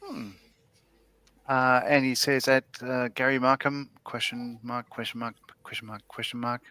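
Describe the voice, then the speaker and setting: A man's voice: mid-range voice, little pitch movement, sharp tone, smooth. A man co-hosting a casual stream, reacting briefly and reading viewer comments. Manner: slow, brief reactions and chat readouts. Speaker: podcast co-host. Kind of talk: casual chat.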